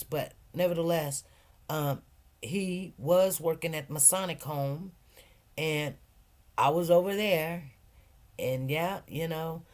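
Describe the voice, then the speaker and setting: A middle-aged woman, casually telling a story and acting out the voices of the people in it. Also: low voice. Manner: animated storyteller, acts out quoted voices. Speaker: channel host.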